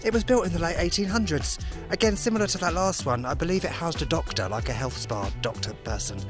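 A man voicing a pompous upper-class English gentleman in a put-on regal accent, with an affected mock-grand drawl, outdoors. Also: on the high side, fast, music in the background, lightly acted. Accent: put-on posh English. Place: outdoors in a spa town street.

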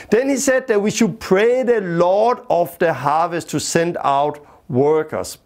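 A man leading a Bible lesson, returning to the same key words again and again for emphasis. His phrasing is plain and simple, with small grammar slips, and he keeps the pace of a steady classroom talk. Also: fairly high pitch. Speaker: Bible teacher.

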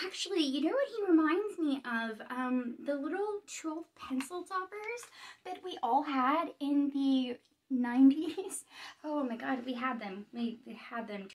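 A bubbly woman in her late thirties rambling through an unboxing vlog with gushing excitement. Her voice sits high and bright. She sounds a little distant from the mic. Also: slow. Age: 30s. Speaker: vlogger.

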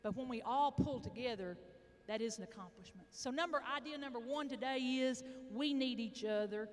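A middle-aged woman with an Arkansas accent giving a motivational speech, telling folksy stories with dramatic pauses. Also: on the high side. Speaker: motivational speaker. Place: large indoor hall, addressing an audience. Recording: echoey large hall.

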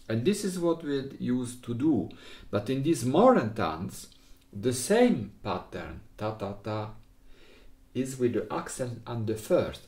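A middle-aged man with an Italian accent teaching the recorder in halting English, counting and singing rhythms. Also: medium pitch, lively intonation, warm tone, roomy sound, a little hiss or hum. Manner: halting non-native English, sings rhythms with syllables. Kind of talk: music lesson.

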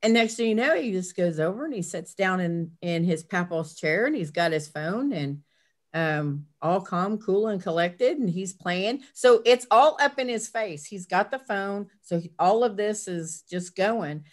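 An older woman, a grandmother, chatting as a guest in an interview and telling a family story in a casual, animated way. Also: a little slow. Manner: chatty, acts out family quotes with lively pitch jumps. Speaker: guest, herbal blend maker.

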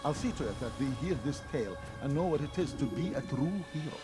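A man voicing a grateful old father in a video game, speaking in a formal, earnest way over loud music. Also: a little high, expressive, quick pace, close to an everyday voice.

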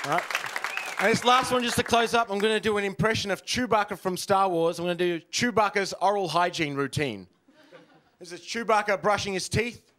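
A man's voice: sits high, a little fast, a bit bright, a faint crowd. A man in his thirties doing a rambling, self-deprecating stand-up set, full of ums and uhs. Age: 30s. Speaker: stand-up comedian.

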